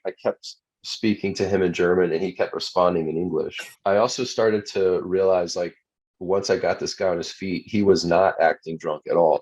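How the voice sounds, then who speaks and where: A man's voice: low voice, darkish tone. A man telling a personal story as a talk show guest, earnest, often restarting his phrases. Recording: dull lo-fi sound.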